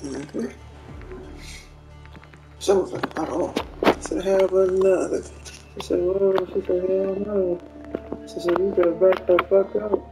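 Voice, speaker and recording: A woman's voice: medium pitch, steady tone, measured pace, pauses often, loud music behind the voice. A woman giving casual gameplay commentary, cursing freely, laughing often and retelling trash talk as quoted back-and-forth. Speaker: gamer.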